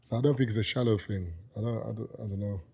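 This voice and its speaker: A man's voice: on the low side, fairly even intonation, fast, creaky, dark tone, slightly rough. A man with a British accent, a podcast guest, chatting casually and bantering with a joking, laughing manner.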